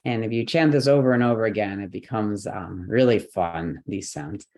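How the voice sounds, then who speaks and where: A woman's voice: extremely low pitch, normal speed, dark tone. A woman teaching the pronunciation of a chanted mantra, breaking it into syllables and repeating each sound patiently. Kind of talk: slow syllable-by-syllable chanting lesson.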